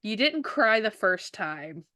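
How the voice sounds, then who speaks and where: Woman podcast host, chatty and animated, acts out little bits of dialogue. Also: medium pitch, takes it slowly. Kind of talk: casual chat.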